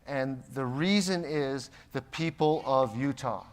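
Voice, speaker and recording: A medium-pitched American man speaks slowly through a motivational keynote, his words echoing with the long reverb of a large conference hall. He brings his anecdotes to life by impersonating the people he quotes.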